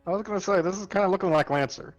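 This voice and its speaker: A man's voice: high-pitched, racing, lo-fi sound. Man player, wry one-liners, faint music behind. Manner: wry quips. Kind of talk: casual play over voice chat.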